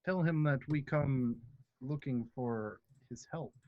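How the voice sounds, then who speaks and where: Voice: mid-range voice, takes it slowly. A playful player chats and jokes around the table, the voice a little dull and lo-fi. The sound is dry, without room echo. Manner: playful, laughing often. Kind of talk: casual chat at a game table.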